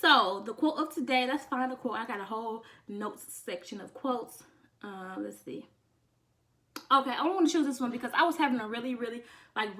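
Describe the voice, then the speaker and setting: A young woman vlogging, talking casually and sassily to her viewers, calling them honey and getting excited almost to tears. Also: fairly high pitch, slight background noise. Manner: sassy and chatty, says honey a lot; emotional, close to tears with excitement. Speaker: beauty vlogger. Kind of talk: casual chat to camera.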